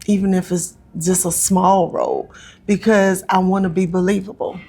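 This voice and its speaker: A woman from North Carolina, a guest talking casually in an interview, with many ums and pauses. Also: on the low side, steady tone, creaky, warm tone. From North Carolina, USA. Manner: chatty, frequent ums and pauses. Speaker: actress and comedian guest.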